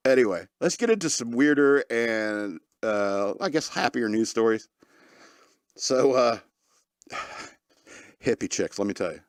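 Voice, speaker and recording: A man's voice: mid-range voice, animated, measured pace, long pauses, dry recording, studio quality. A man hosting a podcast, joking sarcastically through news stories and laughing often mid-sentence. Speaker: podcast host. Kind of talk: casual comedic commentary on news.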